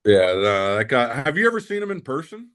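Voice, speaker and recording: A man's voice: medium pitch, sing-song, a little fast, a bit bright. A man in his forties, a podcast guest, chatting casually in a laid-back, blunt way.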